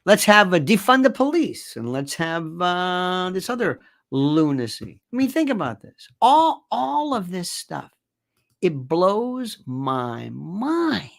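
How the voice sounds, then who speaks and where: A man's voice: sits high, vocal fry, a bit bright. A man hosting an opinion commentary show, talking in a sarcastic, emphatic way with incredulous outbursts. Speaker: political commentary host.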